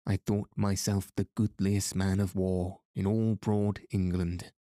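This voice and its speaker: A man's voice: low voice, flat delivery, slow, mellow, no echo, studio quality. Dick: a man reading as an earnest young knight. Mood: tender. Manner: earnest, old-fashioned courtly speech. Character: ardent young male knight, humbled but joyful. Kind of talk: audiobook reading.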